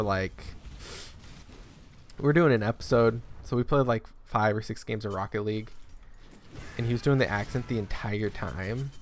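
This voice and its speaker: A young man talks through a game in a loose, chatty way, drifting into side stories. His voice is low and gravelly. A faint hiss sits under the desk-mic recording. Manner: chatty, laid-back, loose asides with laughs. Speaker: gaming streamer. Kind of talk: casual gameplay commentary.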